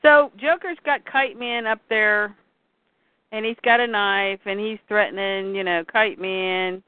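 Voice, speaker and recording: A woman in casual chat, retelling a comic story and acting out the characters' lines in quick voices. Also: mid-range voice, steady tone, smooth, dry recording. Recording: dry tinny phone-like sound.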